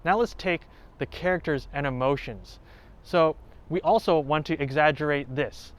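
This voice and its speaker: A violin teacher who hosts his own channel gives audition tips straight to camera, recorded on a home setup. His voice is clear and fairly high, his pace moderate, and he explains things plainly, singing examples along the way.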